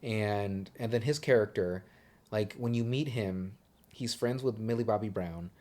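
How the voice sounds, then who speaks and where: A man's voice: fairly low pitch, measured pace, darkish tone. A young man co-hosting a movie podcast, rambling and swearing casually as he trails off and restarts his sentences. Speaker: podcast co-host.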